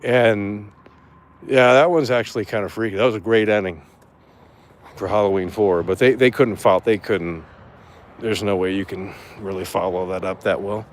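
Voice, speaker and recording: A man streaming live, chatting casually and reacting to chat in an excitable, profane way with frequent stammered restarts. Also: on the low side, moderate pace, a little hiss or hum. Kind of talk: casual livestream commentary reading chat.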